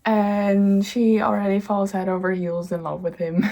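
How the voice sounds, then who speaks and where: A woman's voice: medium pitch, little pitch movement, a little slow, warm tone. A young woman casually chatting about her own book at home, rambling, bubbly and easily sidetracked. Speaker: author and vlogger. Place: home indoors.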